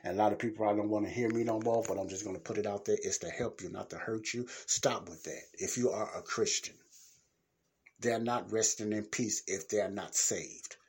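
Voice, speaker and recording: Husky-voiced blunt preaching man. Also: lowish voice, steady tone, a little fast, a little mellow. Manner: blunt, preachy, plain-spoken. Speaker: podcast host. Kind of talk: casual Christian teaching monologue.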